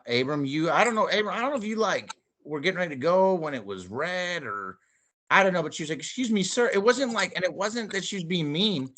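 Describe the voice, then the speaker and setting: Male comedian co-host from St. Louis, bright voice, loose rambling delivery with lots of profanity. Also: mid-range voice. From St. Louis, USA. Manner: rambling storyteller, animated quoting, swears freely. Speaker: podcast co-host, stand-up comedian. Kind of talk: casual chat.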